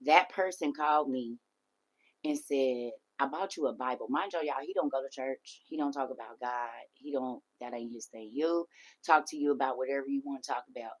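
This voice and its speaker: A woman hosting a livestream, telling a personal story in a casual, animated way and talking straight to her viewers. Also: a bass voice, moderate pace. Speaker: livestream host.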